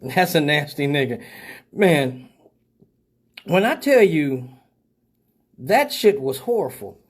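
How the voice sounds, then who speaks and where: A man hosting a live show, telling a profane story in a casual, animated way and laughing often. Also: fairly high pitch, takes it slowly. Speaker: host of a live call-in show.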